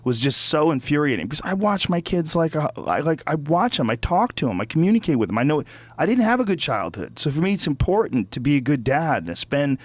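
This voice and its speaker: A middle-aged podcaster with a highish, sing-song voice talks fairly quickly, recorded with no echo. His storytelling turns into an offhand, swear-filled rant that gets heated and repeats itself as his agitation builds.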